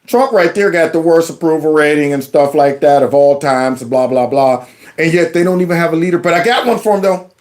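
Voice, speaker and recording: A man hosting his own channel, reacting to news clips with animated, mocking commentary and talking back to the speakers. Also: on the high side, brisk.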